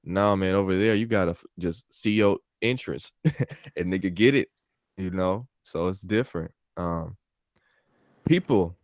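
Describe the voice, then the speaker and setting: A young man from California with a deep, low voice tells stories in a loose, rambling way. He swears freely and keeps restarting his sentences. The sound is dry and close, with no room around it. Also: no echo. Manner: rambling, profane, lots of fillers and restarts. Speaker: podcast host. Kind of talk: casual storytelling chat. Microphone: call audio.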